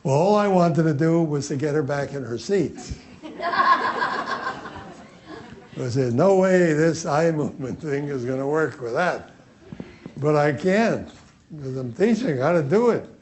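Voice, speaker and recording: A man's voice: fairly high pitch, lively intonation, measured pace, pauses often, darkish tone. A man leading a seminar, telling a story in a slightly raised voice. He loops back over his words and slips into the people he quotes. A faint hiss sits under the recording. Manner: storytelling, acts out dialogue, repeats himself. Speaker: workshop teacher. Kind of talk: anecdotal seminar lecture.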